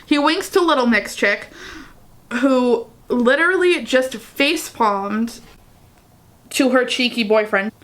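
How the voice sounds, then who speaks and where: Reading fan fiction slowly in a casual vlog, a woman with a higher, fairly bright voice pauses often for giggly, chatty commentary.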